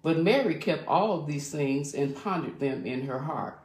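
A reader reading scripture aloud at a measured, formal pace. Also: mid-range voice, expressive, a little mellow, roomy sound, rough recording.

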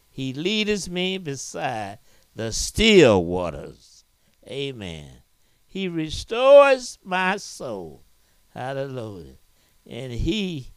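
Preacher man, amen-heavy sermon, dry close sound, very animated. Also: medium pitch, clear, resonant tone, no room sound. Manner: preaching with frequent amens and hallelujahs; dramatic retelling with rising cries. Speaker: pastor.

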